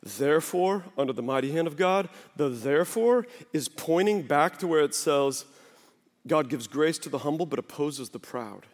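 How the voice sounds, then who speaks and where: A high-pitched man preaches to his congregation, animated and lively, dropping into little acted voices to make his point. His words ring out with a long reverb from a church hall. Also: normal speed. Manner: animated, acts out voices of people and God. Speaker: pastor. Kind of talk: sermon. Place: church sanctuary.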